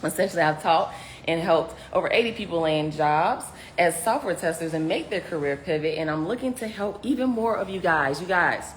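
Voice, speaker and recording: A woman who coaches software testers, chatting casually on a livestream and talking straight to her viewers. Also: fairly low pitch, brisk, a little hiss or hum. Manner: lively, chatty, greets viewers loudly.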